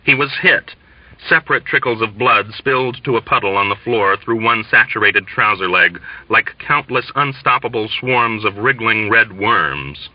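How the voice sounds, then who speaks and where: A man reading a novel aloud in a measured, plain narrating voice. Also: on the low side, dry recording. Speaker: audiobook reader. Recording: dull lo-fi, dry.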